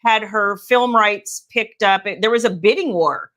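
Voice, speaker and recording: A woman's voice: mid-range voice, unhurried, a bit bright. A middle-aged woman, a romance author, chatting casually on a livestream with rambling asides to viewers. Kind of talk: casual live chat.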